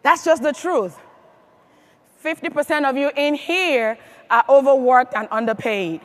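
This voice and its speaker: High-voiced woman giving an emphatic motivational speech. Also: unhurried. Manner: emphatic, asking the audience questions. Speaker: motivational speaker at a sales event. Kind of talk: motivational speech to a live audience.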